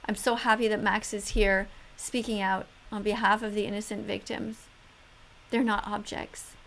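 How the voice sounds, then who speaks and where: An earnest woman talking through reaction commentary, with her emotion sitting close to tears. Her voice has a pronounced gravelly fry. A faint hum sits behind her close-miked recording. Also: medium pitch, level tone, normal speed, a bit bright. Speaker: vegan activist vlogger.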